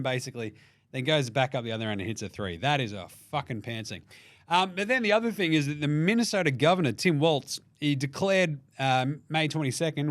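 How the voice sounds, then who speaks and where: A man's voice: a little high, dry recording, clean studio sound. A young Australian man hosting a casual basketball recap, joking and swearing freely and acting out players' voices. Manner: profane, jokey, acts out players' voices. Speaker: basketball podcast host.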